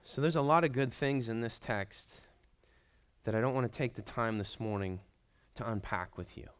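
A male pastor preaching a sermon in a smooth, resonant voice. He builds to slow, emphatic stresses on key words, then drops back to a quiet, gentle tone. His pitch sits in an ordinary middle range for a man.

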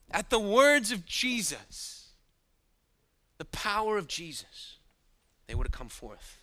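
A male pastor delivering a sermon in a very bright, ringing voice that sits a little high for a man. He drops to near-hushed asides, then surges back up loud, with the odd chuckle at his own points. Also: lively intonation, a little slow. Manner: dramatic, shifting between hushed asides and loud bursts.

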